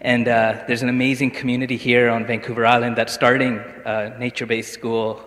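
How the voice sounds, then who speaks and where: A man in the audience earnestly asking the speaker a question, slightly halting as he finds his words. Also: medium pitch, level tone, fairly bright tone. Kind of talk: question from the floor. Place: lecture hall. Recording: reverberant hall.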